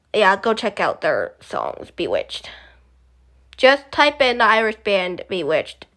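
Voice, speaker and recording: Young female vlogger, slightly high, slow delivery, rambling and self-correcting. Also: a bit bright. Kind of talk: casual chat.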